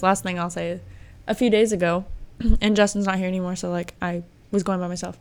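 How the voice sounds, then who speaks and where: A young woman hosting a podcast, telling a story in a casual, animated way and laughing often. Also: mid-range voice, normal speed, smooth. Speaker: podcast host. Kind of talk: casual chat.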